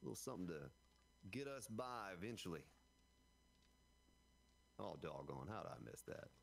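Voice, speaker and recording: A middle-aged man streams a survival game, joking around in a folksy way with his viewers and his teammate in casual live-stream chat. His low voice is very animated and creaky at a normal speed, with a little hiss or hum in the recording.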